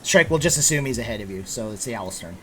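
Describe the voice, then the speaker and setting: A man's voice: mid-range voice, animated, quick pace, faint music behind. A man running a tabletop game, explaining rules with lots of fillers and restarts. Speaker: game master.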